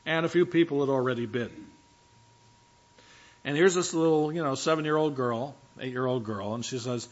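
A man's voice: mid-range voice, moderate pace, pauses often, lo-fi sound. Chatty, storytelling male preacher. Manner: conversational storytelling with fillers. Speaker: pastor. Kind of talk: sermon.

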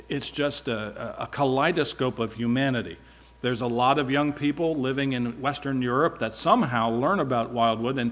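A man's voice: medium pitch, a bit bright. A man speaking at church, giving a rambling, informal sermon-style report with wry asides.

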